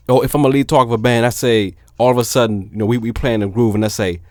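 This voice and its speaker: A man, a DJ talking casually to his viewers, filling pauses with "um", then turning animated and emphatic. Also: medium pitch, faint music behind. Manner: laid-back with many fillers, then animated and emphatic. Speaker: DJ and vlogger. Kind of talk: casual talk to camera.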